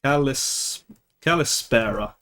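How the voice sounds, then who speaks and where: A young streamer talks slowly and casually with his audience, his medium-pitched voice carrying a fairly bright tone. He laughs frequently and restarts what he's saying.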